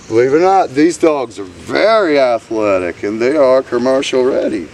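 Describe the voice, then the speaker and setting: A man's voice: medium pitch, very animated, normal speed, a little mellow. A man coaching a dog obedience session with upbeat, encouraging commands, recorded outdoors. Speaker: dog trainer. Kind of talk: coaching commentary during training. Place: outdoor training field. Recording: distant outdoor recording with faint noise.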